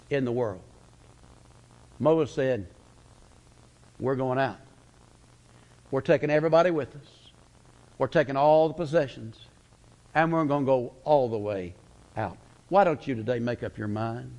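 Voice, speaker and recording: A man preaching a sermon, folksy and storytelling, slowing down for emphasis then speeding up. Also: mid-range voice, a little mellow, rough recording. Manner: folksy storytelling preacher, pace swinging slow and fast.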